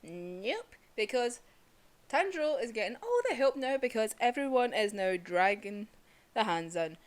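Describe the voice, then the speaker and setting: A young woman chatting casually about a manga chapter, excitable and swearing freely. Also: a little high, unhurried. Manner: excitable, swearing, laughs often. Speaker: manga reviewer. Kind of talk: casual chat.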